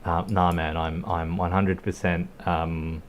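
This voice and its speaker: A man's voice: deep voice, flat delivery, slow pace, highs cut off, a little hiss or hum. An Australian man casually commenting on his gameplay in a rambling, laid-back way, swearing and laughing now and then. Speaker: streamer.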